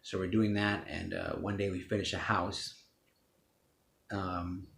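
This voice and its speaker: Casting: low-voiced man, raw personal testimony, cursing freely, recorded in an echoey room with faint background noise. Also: level tone, slow pace, vocal fry, a bit bright. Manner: blunt and profane, with restarts. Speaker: speaker telling his life story.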